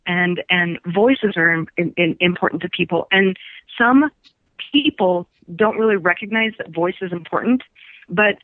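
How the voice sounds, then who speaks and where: Phoning into a radio studio, this psychic guest speaks in a lowish female voice at a moderate pace, with no room sound. The reading comes through a tinny line, full of emphatic repetition and regular laughter.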